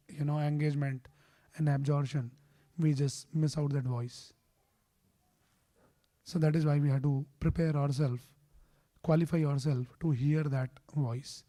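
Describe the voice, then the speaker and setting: A man's voice: fairly high pitch, dark tone. A man speaking at a temple, giving a scripture class sermon. He explains patiently and puts questions to the audience. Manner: chants Sanskrit verses. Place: temple hall.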